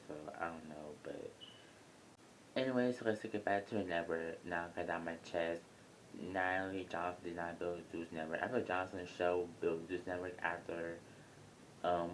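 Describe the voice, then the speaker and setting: A man's voice: sharp tone, rough recording. A young man casually reviewing a reality show, talking in a rambling, blunt, chatty way from his home near an airport. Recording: faint airplane rumble behind.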